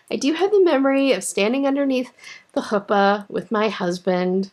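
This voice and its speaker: A woman knitting vlogger telling a personal story to camera in a casual, animated way, laughing often and getting emotional. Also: on the high side, normal speed.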